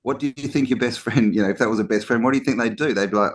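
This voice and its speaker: Animated man co-hosting a talk show. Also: medium pitch, very fast. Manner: animated, acts out mock quotes, many "you know" restarts. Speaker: podcast co-host. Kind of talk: casual conversational talk.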